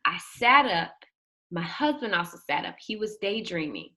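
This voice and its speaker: A young woman telling a personal story in an animated way, acting out the quotes and shrieking at the high points. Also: normal speed. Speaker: guest telling her birth story.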